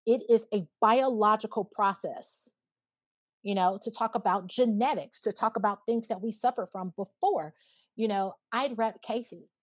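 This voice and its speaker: A woman's voice: mid-range voice, normal speed. A woman in her thirties speaks earnestly and reflectively as a guest in a casual conversation. Her thoughts come in short bursts, often strung together with "you know". The sound is close and dry, with no room echo. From Alabama, USA. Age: 30s. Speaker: podcast guest.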